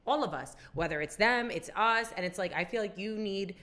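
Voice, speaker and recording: Bright-voiced woman in casual chat. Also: medium pitch, brisk. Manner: candid, emphatic, swears casually. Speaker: podcast co-host.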